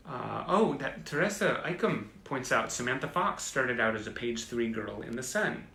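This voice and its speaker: Chatty man with a gravelly, bright voice. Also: medium pitch, normal speed, few pauses, echoey room, slight background noise. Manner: chatty, wry, self-mocking asides. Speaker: host. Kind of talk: casual livestream chat reading old clippings. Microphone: phone or webcam on a live stream.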